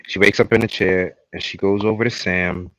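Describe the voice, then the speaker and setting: A man co-hosting a podcast, recapping a TV episode in casual chat and breaking into loud, exasperated outbursts. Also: low voice, normal speed, no echo, poor audio. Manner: animated, bursts into loud exasperated outcries. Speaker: podcast co-host.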